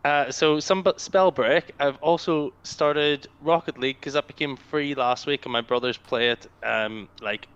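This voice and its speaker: On slightly dull lo-fi audio, a man with a slightly high, smooth voice co-hosts a casual gaming podcast. Speaking at a measured pace with hardly any pauses, he tells game stories with enthusiastic, animated energy.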